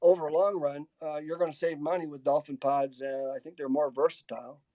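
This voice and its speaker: A man answers audience questions over a video call. His voice is mellow and a bit high, heard dry and close. He stops, restarts and fills gaps as he reads the questions out. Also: flat delivery, fairly quick, no room sound. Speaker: webinar speaker answering questions. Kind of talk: casual Q&A in a webinar.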